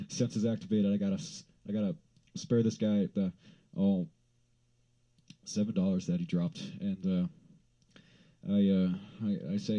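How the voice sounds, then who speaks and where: Man from Wyoming, casual vlog storyteller, rambling and profane, very mellow low voice, dull lo-fi recording. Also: fairly even intonation, a little slow, long pauses. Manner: profane, rambling, bursts into loud exasperated rants.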